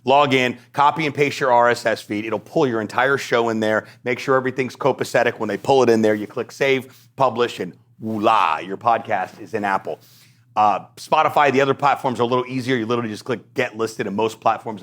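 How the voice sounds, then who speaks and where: Blunt, energetic man hosting a podcast. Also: fairly low pitch. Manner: blunt, energetic, jokey, acts out quoted exchanges. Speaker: podcast host and coach. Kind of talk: solo podcast teaching.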